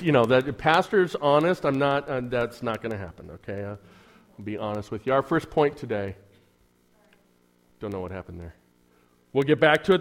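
A male pastor delivers a sermon in a church in a slightly higher-than-usual voice. He keeps it casual and chatty, asks the congregation rhetorical questions and slips in dry sarcasm. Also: a bit bright.

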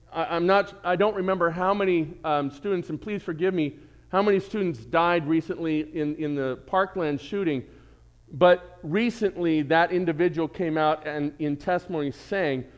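Male pastor, animated sermon delivery, lively pitch, playful asides. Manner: animated preaching with jokes and asides.

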